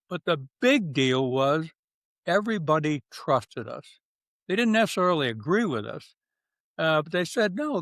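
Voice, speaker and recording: An older man, a retired general, speaks bluntly and emphatically in a candid interview, using short, punchy phrases. His voice is fairly high and fairly bright, with no echo.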